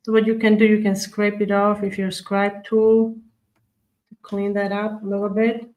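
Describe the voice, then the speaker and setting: A woman hosts a live baking tutorial, talking viewers through each step as she decorates at her table. Her voice stays level, with little rise and fall, and she speaks in a chatty, unhurried way. She answers viewer comments as she works. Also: mid-range voice, completely flat delivery, dull audio. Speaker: cookie decorating livestream host.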